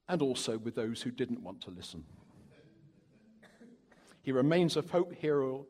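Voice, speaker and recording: A man from Cornwall speaks at a church service in a gentle, earnest and lightly self-deprecating way. His voice is husky and breathy. It carries a long reverb through a large hall. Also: medium pitch. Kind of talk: sermon-style reading and talk.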